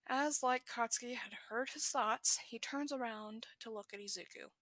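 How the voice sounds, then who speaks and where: A woman with a somewhat high, slightly bright voice briskly reads a fan fiction story aloud as podfic narration, correcting small slips as she goes. There's no room sound.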